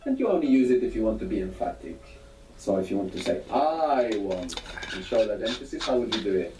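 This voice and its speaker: A man leads a recorded language lesson, patiently posing prompts and confirming each answer. His voice is mellow and dark. He sits back from the mic in a roomy, echoing space. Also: on the low side, expressive, brisk, slight background noise. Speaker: language teacher on a recorded audio course. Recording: echoey, distant from the mic.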